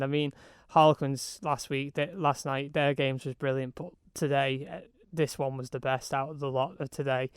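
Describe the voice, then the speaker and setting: A man with a Manx accent, slightly hoarse, describing hockey matches in an excitable sports chat full of fillers and restarts. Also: medium pitch, normal speed, no room sound, clean studio sound. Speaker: hockey reporter.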